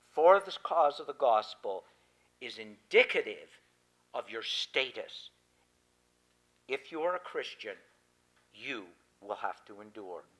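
A man preaching a sermon on scripture, swinging between loud emphatic declarations and quiet asides. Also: on the high side, low-quality recording.

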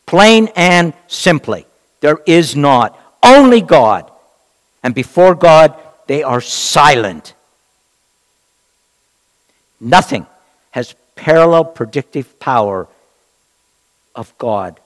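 A man preaching a Bible-teaching sermon in an emphatic, rhetorical way, with dramatic pauses. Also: fairly high pitch, animated, in a large hall.

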